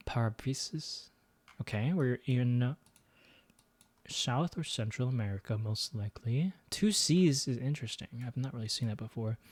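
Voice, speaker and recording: A man's voice: medium pitch, lively intonation, moderate pace, a little mellow, no room sound. A man streaming a geography guessing game, thinking aloud and muttering his guesses with self-deprecating asides. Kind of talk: casual gameplay commentary.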